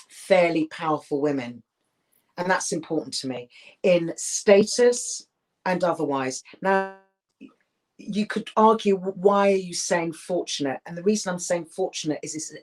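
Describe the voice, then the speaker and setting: A middle-aged woman, an actress, talking candidly in an interview, emphatic and animated, with frequent restarts. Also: lowish voice.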